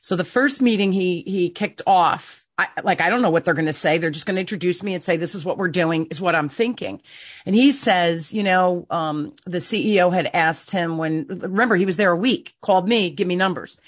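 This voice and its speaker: A woman's voice: lowish voice, brisk, no echo, clean studio sound. A woman hosting a podcast, telling a story with feeling and acting out the dialogue of the people in it. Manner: animated, emotional storyteller who acts out quoted dialogue. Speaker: podcast host. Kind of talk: conversational storytelling.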